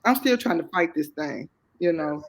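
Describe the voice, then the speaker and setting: A middle-aged woman, a guest on a talk show, telling a personal story in a lively, expressive way with casual Southern phrasing. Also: deep voice. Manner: lively, expressive, quick to laugh at herself.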